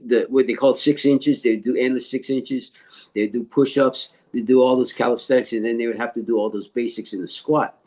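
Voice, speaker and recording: Older man, martial arts teacher, interview storytelling, halting, many fillers, mid-pitched voice. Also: warm tone. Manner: halting, filler-heavy retelling with quoted dialogue. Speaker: martial arts instructor and author being interviewed.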